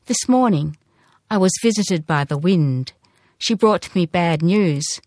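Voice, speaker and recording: A very old male hoopoe bird from a storybook, read by a woman, grave and gentle. He speaks slowly and solemnly, full of quiet sorrow. The voice sits a little low and sounds dry and close. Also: expressive, no echo.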